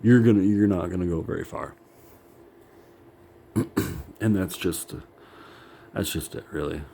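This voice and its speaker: Deep-voiced man rambling, profane, self-critical. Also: measured pace, gravelly, mellow, husky. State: worn out. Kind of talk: rambling self-talk monologue.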